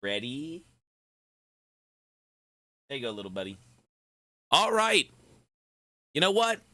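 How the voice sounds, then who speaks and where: A hoarse man chats with his stream audience, loose and swearing, clearly worn out in the throat. His unhurried talk has a bright, sharp edge and bounces between high and low. The sound is dry and close. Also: very animated, dry recording. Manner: slow, loose, swearing banter. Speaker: gaming livestreamer. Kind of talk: casual live-stream chat.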